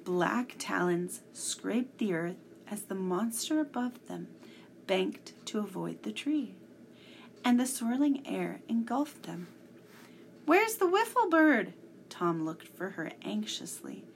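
Slow, gravelly woman reading a story. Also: medium pitch, lively intonation, slight background noise. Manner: slow, deliberate reading with small slips. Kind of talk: reading a children's story aloud.

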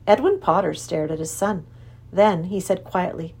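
A woman reading a children's storybook aloud with plenty of expression. Her voice rises and falls a lot, and she keeps the telling lively. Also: on the low side, moderate pace, breathy edge. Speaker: narrator.

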